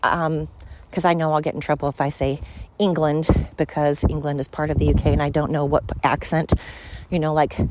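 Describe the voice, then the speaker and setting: A woman's voice: deep voice, darkish tone, a little hiss or hum. A woman from the United States hosting a solo podcast, ranting bluntly with frequent swearing. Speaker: podcast host. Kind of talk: opinionated solo podcast monologue.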